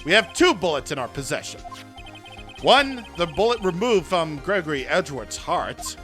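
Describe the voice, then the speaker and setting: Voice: mid-range voice, faint music behind. A streamer reading a determined young defense lawyer. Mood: arguing. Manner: steady courtroom argument, slow and deliberate. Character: earnest young male defense attorney, determined. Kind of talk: reading game dialogue aloud.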